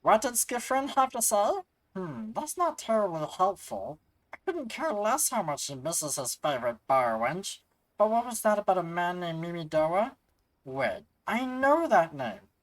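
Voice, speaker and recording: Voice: mid-range voice, sing-song, moderate pace, no echo, pitched above the performer's own voice, lightly acted, poor audio. A streamer doing a haughty woman scholar. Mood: indignant. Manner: theatrical, mock-formal with stammers. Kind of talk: reading game dialogue aloud in character.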